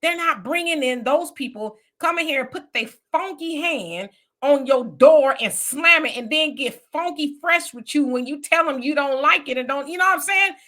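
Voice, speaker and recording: A middle-aged woman with a Southern US accent from Houston, hosting a casual political commentary and telling stories in an animated, colloquial, heated way. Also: high voice, moderate pace. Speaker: host.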